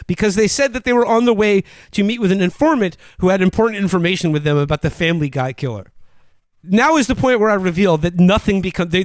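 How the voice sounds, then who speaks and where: A man's voice: high-pitched, no echo. A man co-hosting a podcast, recapping a film in a rambling, joking way and mock-quoting its lines. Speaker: podcast co-host. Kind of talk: casual comedic movie recap.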